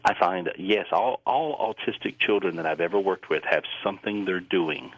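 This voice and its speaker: A deep-voiced man with a husky edge talks earnestly and at length, circling back over his own words. His voice sits close and dry on the mic. The audio has the dull, muffled sound of a radio broadcast. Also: a bit bright, no echo. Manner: earnest, rambling, halting with repeated words. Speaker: psychic guest. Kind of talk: radio interview chat.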